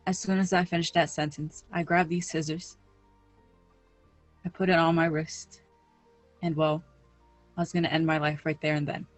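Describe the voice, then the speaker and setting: A teenage girl giving a live personal storytelling performance on stage, slow and emphatic in a dramatic delivery to an audience. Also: low voice, level tone, soft background music. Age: teens. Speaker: teen storyteller.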